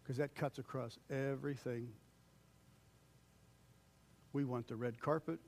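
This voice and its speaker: An older man preaching a conversational sermon as pastor, acting out quoted voices and swinging between loud calls and hushed lines. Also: medium pitch, steady tone, measured pace, slight background noise.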